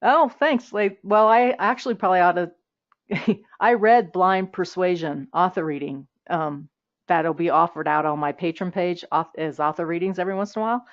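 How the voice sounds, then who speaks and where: A woman's voice: on the low side, normal speed. A woman hosting an interview in casual chat, talking freely with frequent laughs and restarts over a video call. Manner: chatty, laughs often, many restarts and fillers. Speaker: host. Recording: slightly dull, muffled audio.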